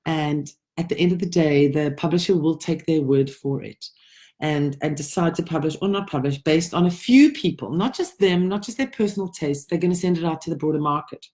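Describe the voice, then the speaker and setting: A woman's voice: lowish voice, dark tone. A woman working as a writing coach, giving informal advice to writers in a conversational, emphatic way, sometimes restarting her phrases.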